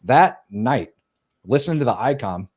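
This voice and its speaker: A middle-aged man, a former soldier, telling war stories casually in an animated, profane way. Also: mid-range voice, moderate pace. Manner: animated, profane, acts out quoted voices. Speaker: podcast guest, former Green Beret. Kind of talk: casual storytelling.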